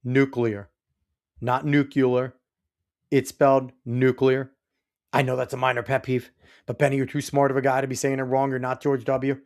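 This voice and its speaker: A man's voice: mid-range voice, completely flat delivery, fairly quick, darkish tone. A man hosting a podcast livestream, reacting to a video clip in casual, rambling commentary and getting exasperated with his chat and the clip.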